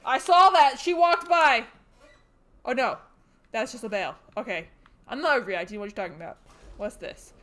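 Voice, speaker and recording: A woman streaming a horror video game, giving jumpy, excitable commentary and shouting back at the game's characters when she gets scared. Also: fairly high pitch, normal speed, pauses often. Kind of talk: let's play commentary.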